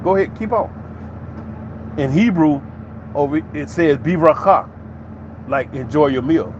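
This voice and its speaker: A man's voice: fairly high pitch, unhurried, slight background noise. Emphatic preachy man, dull lo-fi sound. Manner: emphatic and preachy, with many rhetorical questions. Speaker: commentary channel host. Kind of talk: opinionated commentary monologue.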